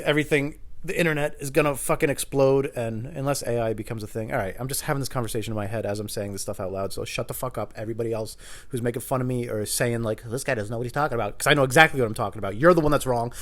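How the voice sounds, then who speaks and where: A man's voice: mid-range voice, rapid-fire, a bit bright. A man rambling alone for his podcast at home in the kitchen, casual, profane and self-deprecating. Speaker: podcast host. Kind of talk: solo rambling monologue.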